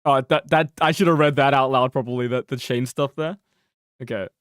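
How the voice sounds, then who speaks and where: A young man giving casual, swearing, joking commentary while streaming a game, his mic close and peaking loud. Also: medium pitch, brisk, clear, resonant tone, no echo. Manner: animated, swearing, laughing, joking.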